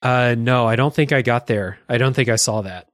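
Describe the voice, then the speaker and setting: A man hosting a podcast in a relaxed, casual way, asking his guests questions. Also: mid-range voice, normal speed, dry recording, clean studio sound. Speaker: podcast host. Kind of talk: casual chat.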